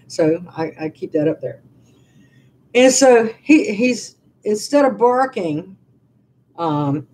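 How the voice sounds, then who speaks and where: A woman's voice: on the low side, darkish tone, slightly rough. Chatty woman in her sixties rambling. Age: 60s. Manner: rambling, chatty storytelling with many restarts. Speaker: vlogger. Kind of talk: casual live-stream chat. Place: her living room at home.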